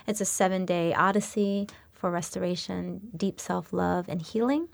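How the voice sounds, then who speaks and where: A woman guest on a podcast chatting casually and upbeat about her retreats and a favorite app, listing things with small pauses. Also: on the low side, steady tone, creaky, no room sound. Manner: upbeat, promotional, lists with pauses. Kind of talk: casual interview chat.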